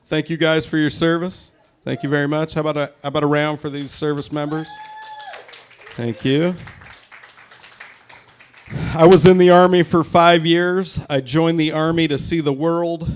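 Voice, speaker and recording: A man's voice: fairly high pitch, steady tone, moderate pace, pauses often, clean tone. A man in his forties from Tacoma, doing a crude, self-mocking stand-up set live at a brewery into a stage mic. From Tacoma, Washington, US. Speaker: stand-up comedian.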